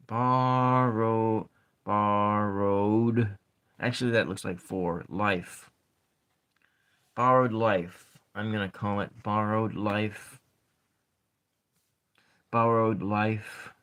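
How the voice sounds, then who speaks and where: Very slow soft-spoken man. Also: on the low side, steady tone, clean tone. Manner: slow, halting, counts syllables aloud. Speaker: ASMR channel host. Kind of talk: soft-spoken ASMR poetry session.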